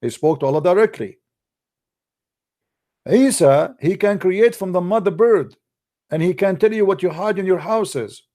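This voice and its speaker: A man's voice: high-pitched, moderate pace, long pauses, dark tone. A man lecturing combatively in a livestream, mocking and scolding his opponents in non-native English. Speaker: religious debater.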